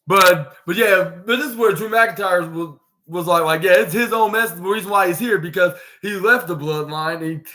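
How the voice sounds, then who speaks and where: A man's voice: high-pitched, normal speed, sharp tone. A young man hosting a podcast, recapping wrestling in a rambling casual way, full of fillers and acted-out quotes. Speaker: podcast host.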